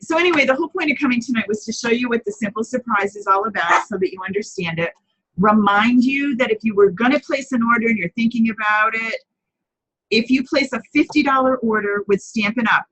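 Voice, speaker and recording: Chatty woman with a husky voice. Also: mid-range voice, fairly bright tone, low-quality recording. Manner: chatty, answers viewers by name; rambling, corrects herself often. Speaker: host of a live papercrafting chat. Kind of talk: casual live-stream chat.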